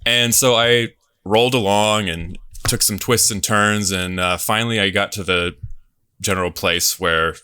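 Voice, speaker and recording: A fairly low-pitched man with a bright, forward tone tells a self-deprecating anecdote. He chuckles through his stories. The sound is close and dry. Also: fairly even intonation, measured pace, clean tone, no room sound. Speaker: game show contestant. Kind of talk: casual storytelling.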